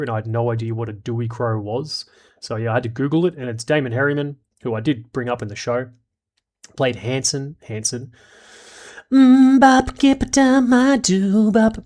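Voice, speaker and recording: A man's voice: medium pitch, fast talker. Guy reviewing a show: rambling, frank, swears a lot. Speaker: show reviewer reading viewer comments. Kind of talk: casual commentary.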